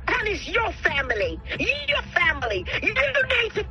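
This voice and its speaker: A woman's voice: very high voice, huge pitch swings, moderate pace, pushed and bright, faint music behind. A woman in a comedy sketch phone call, pleading frantically and repeating herself.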